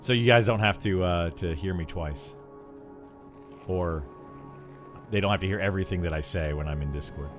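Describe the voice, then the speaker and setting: A man's voice: deep voice, moderate pace, pauses often, over music. A middle-aged man chatting casually while streaming a game, rambling with lots of fillers and restarts.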